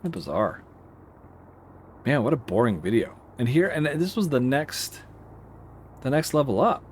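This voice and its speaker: A man who works as an air traffic controller, rambling casually while playing a simulator and breaking off to give crisp radio calls. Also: mid-range voice, animated, normal speed, a little mellow. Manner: rambling, self-interrupting, gives radio calls mid-chat. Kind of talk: casual gameplay commentary.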